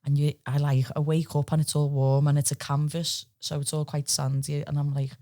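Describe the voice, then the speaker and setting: Lively Liverpool woman telling stories. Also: low voice, brisk. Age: 30s. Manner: lively, swears freely, acts out quoted voices. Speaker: podcast guest, fighter. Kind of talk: casual storytelling chat.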